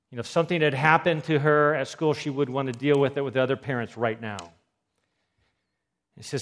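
Man, health talk, storytelling, animated delivery, acts out quotes. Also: mid-range voice, normal speed.

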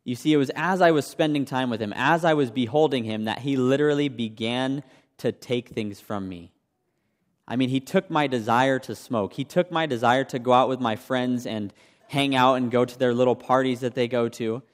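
A man's voice: medium pitch, normal speed. A young man preaching a sermon, sharing his own testimony in a conversational way and asking the congregation questions. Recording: long hall reverb.

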